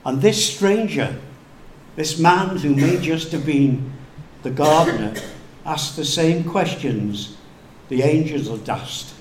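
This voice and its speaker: A male pastor preaching a sermon slowly and deliberately, dropping to hushed tones for emphasis. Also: a little high. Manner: slow, deliberate preaching with hushed dramatic drops. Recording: echoey room with faint background noise.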